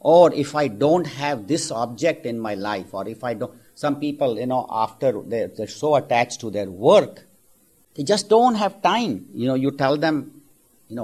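A man giving a spiritual talk, telling a parable in a conversational, animated way. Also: medium pitch, unhurried, breathy edge. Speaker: spiritual teacher. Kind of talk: storytelling sermon.

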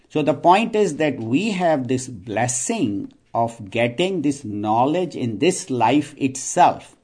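A man's voice: mid-range voice, a little mellow. A man, giving a scripture talk with jokes, chuckling and restarting as he tells stories. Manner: storytelling, chuckling, many restarts. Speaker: spiritual teacher.

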